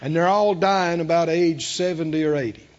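A man's voice: a little high, normal speed, darkish tone, lo-fi sound. A man preaching a sermon, emphatic and repeating his phrases, with call-and-response to the congregation. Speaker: pastor.

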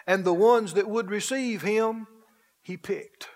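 A man delivers a sermon with exuberant energy, drawing out phrases for emphasis and bursting into laughter and shouted exclamations. His voice is high-pitched and his pace slow.

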